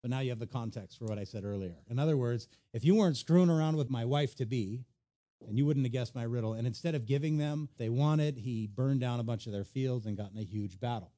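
A man preaching a sermon, retelling a story with animated storytelling and acted-out voices. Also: medium pitch, quick pace, hardly any pauses. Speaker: pastor.

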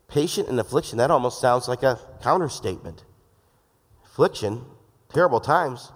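A man's voice: medium pitch, animated, normal speed, breathy edge. A man preaching a sermon in a casual, joking way, acting out the voices he quotes. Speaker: pastor. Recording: long hall reverb.

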